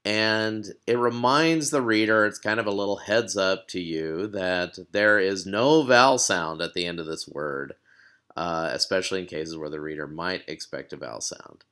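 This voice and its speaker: A man's voice: sits low, normal speed, fairly bright tone, clear, resonant tone. A man teaching a recorded language lesson, explaining patiently with fillers and repeated words.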